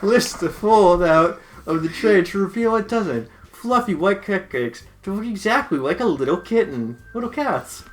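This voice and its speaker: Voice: medium pitch, expressive, normal speed, few pauses, a little hiss or hum. A casual co-host reading the game's dialogue aloud to a friend, laughing and swearing often. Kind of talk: casual gameplay chat.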